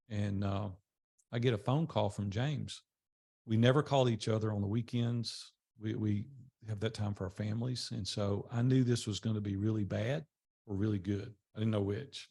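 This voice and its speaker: Gravelly older man telling stories. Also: a little mellow. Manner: conversational, acts out quoted dialogue with rising pitch. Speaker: speaker telling his life story. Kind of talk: storytelling talk to a small group.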